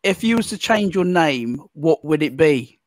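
A man's voice: a little high, lively intonation, measured pace, no room sound, studio quality. A man hosting a talk show, gushing and exclaiming with delight as he laughs along with his guests.

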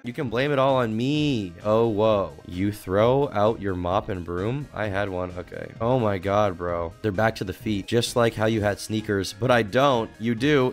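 A man doing casual reaction commentary, reading out messages with sarcastic, profane asides. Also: on the low side. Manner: sarcastic, swears a lot, mocking asides.

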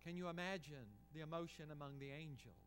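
A man preaching a sermon as senior pastor, impassioned, swinging from loud pleading to hushed tones. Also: a little high, fairly even intonation, fast talker, slight background noise.

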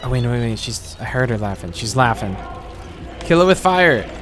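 Excitable male game streamer, lively pitch. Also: normal speed. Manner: loud, jumpy reactions with cursing and laughter. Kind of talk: live gameplay commentary. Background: game music.

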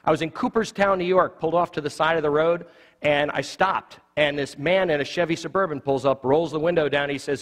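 A man in his forties teaching an evangelism class in a church, a quick, jokey storyteller who acts out the dialogue in his stories. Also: fairly high pitch, fairly bright tone. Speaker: lay evangelism trainer. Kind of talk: live teaching talk with humorous stories. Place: church sanctuary. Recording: long church reverb.

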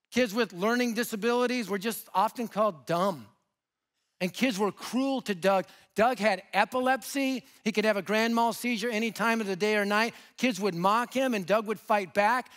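A man with a high voice preaches a sermon through lively stories. He swings from punchy emphasis to hushed, quiet lines. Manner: animated, swings from loud to hushed. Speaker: guest preacher. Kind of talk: sermon storytelling.

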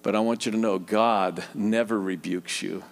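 A man's voice: steady tone, moderate pace, creaky. Heartfelt middle-aged male preacher. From Louisiana. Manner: heartfelt, tender, drops soft and low in prayer. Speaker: guest preacher. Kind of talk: sermon and closing prayer.

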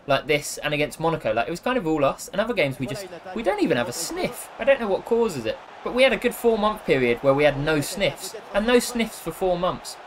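A young gaming YouTuber with a slightly high voice commentates live as he plays a football game. Excitable and jokey, he cheers his players one moment and scolds them the next.

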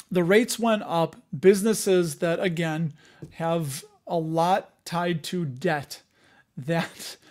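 A man's voice: sits high, darkish tone. Chatty man hosting a live stream. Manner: chatty, self-joking, thinks aloud with many fillers. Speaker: host of a dividend investing live show. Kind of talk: casual live-stream chat, answering viewer comments.

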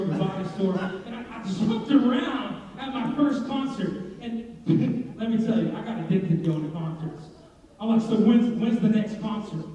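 A man's voice: very high-pitched, darkish tone. A young man preaching a sermon in a church, joking and asking the congregation questions. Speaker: pastor. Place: church sanctuary. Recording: echoey hall, distant dull mic.

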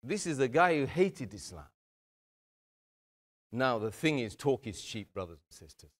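Male speaker, mid pitch, earnest community talk, addresses the crowd directly. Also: sing-song, unhurried. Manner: earnest, addresses audience as brothers and sisters. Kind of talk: motivational talk.

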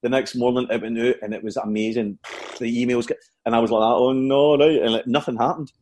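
A Scottish man, a comedian, telling lively anecdotes in casual chat, with frequent restarts. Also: mid-range voice, quick pace, slight background noise. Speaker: comedian guest.

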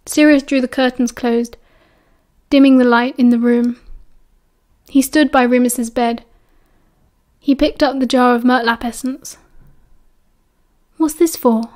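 A woman with a British accent narrating an audiobook in a calm, even storytelling manner. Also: a little high, unhurried.

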